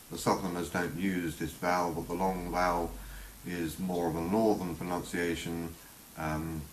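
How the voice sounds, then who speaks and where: Man, very low voice, halting teacher demonstrating vowels, echoey room, faint hiss. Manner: halting, many fillers, demonstrates sounds slowly. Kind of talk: unscripted spoken lesson.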